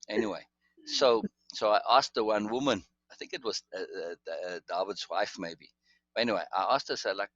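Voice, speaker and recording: A man's voice: fairly low pitch, fairly quick, a bit bright, dry recording, muffled recording. A man telling a long personal story in casual conversation, rambling with restarts and asides. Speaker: guest storyteller.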